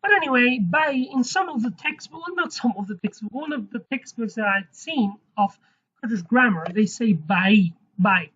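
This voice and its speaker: Brief: female teacher, slightly high, husky voice, chatty self-correcting delivery, dull lo-fi recording. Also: lively intonation, normal speed, a bit bright, slight background noise. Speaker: language teacher. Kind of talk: casual spoken lesson.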